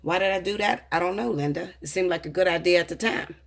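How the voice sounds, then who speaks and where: A woman's voice: fairly low pitch, quick pace, gravelly. A woman in her thirties, a tarot reader, telling a personal story in a heated, profane, confessional way. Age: 30s. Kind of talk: casual storytelling to camera.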